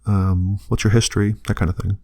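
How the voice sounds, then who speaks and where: Low-voiced male game master, easygoing and halting as he narrates scenes. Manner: relaxed, halting descriptive narration.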